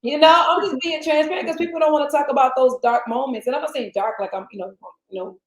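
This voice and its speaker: A fairly high-voiced woman hosts a casual motivational interview. She talks in an animated way, leaping into high, playful voices whenever she quotes someone. The room around her is roomy and echoey. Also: fast. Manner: animated, jumps into high playful voices when quoting others. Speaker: interview host.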